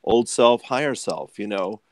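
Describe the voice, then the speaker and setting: A man's voice: fairly low pitch, expressive, measured pace, a little mellow, a little hiss or hum. A man hosting a spiritual webinar over a video call, affectionate and encouraging, laughing often. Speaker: webinar host and channeler. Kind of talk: casual group video chat.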